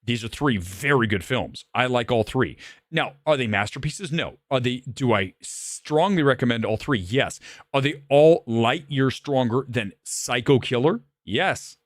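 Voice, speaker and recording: A man's voice: medium pitch, lively intonation, a little slow, no echo, studio quality. A man hosting a movie review livestream, ranting in a combative, profane and self-assured way.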